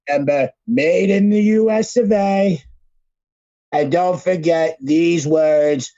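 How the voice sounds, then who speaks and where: A man's voice: medium pitch, dark tone, dry recording, dull audio, natural voice. A man doing a blustering politician at a rally. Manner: grandiose, repetitive slogans, slow deliberate delivery. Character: impression of a blustering male politician giving a rally speech.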